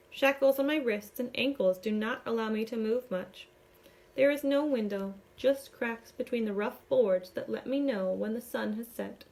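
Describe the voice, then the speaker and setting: A woman teacher reading a novel aloud to her class, expressive, giving the characters their own voices. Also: on the high side. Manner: expressive storytelling, voicing the dialogue.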